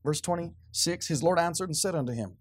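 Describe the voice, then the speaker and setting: Man, high voice, pastor, fervent sermon, quiet asides, loud emphasis. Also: a little fast, breathy edge, no room sound, clean studio sound.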